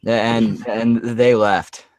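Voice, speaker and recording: A man hosting a casual podcast who stammers through quick questions. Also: mid-range voice, level tone, very noisy. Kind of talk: casual chat.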